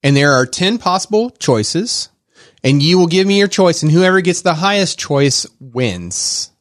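A man hosting a podcast in casual chat, rambling with lots of fillers and quick laughs. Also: on the high side, big pitch swings, no echo, studio quality. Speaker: podcast host.

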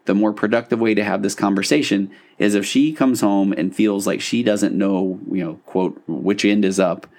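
A man's voice: lowish voice, a little mellow. A man, a marriage therapist, reading a listener's email on his podcast and breaking off to comment in a conversational, self-interrupting way with wry asides.

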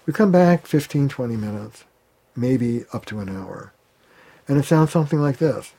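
Mellow-voiced male therapist, animated. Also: medium pitch, moderate pace, gravelly. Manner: animated, acts out quoted arguments. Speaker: family therapist guest. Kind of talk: conversational interview.

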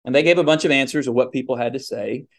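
A man's voice: medium pitch, fast talker. A man preaching a communion sermon in an earnest, emphatic way, with fillers and restarts.

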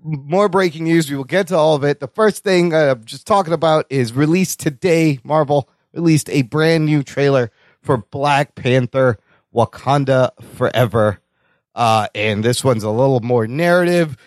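A man's voice: medium pitch, moderate pace, no room sound, studio quality. A man hosting a podcast in casual chat, joking around and laughing often. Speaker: podcast host.

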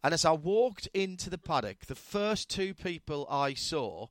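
A male radio host chatting from a studio, pitched a little high, and the sound is dry and close. He rambles through his memories, restarting his sentences as he goes. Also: sing-song, a little slow, no room sound. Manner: rambling, warm storytelling with many restarts. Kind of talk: casual chat.

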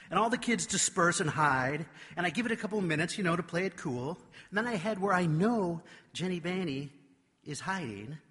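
A man preaching a sermon, telling a childhood story with animated, self-mocking delivery before turning to scripture. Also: a little high, husky. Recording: long reverb of a large hall.

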